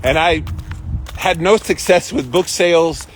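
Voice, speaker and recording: A man's voice: on the high side, unhurried, noisy background. Chatty man telling a story on a livestream. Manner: chatty, animated retelling of an anecdote. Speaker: host.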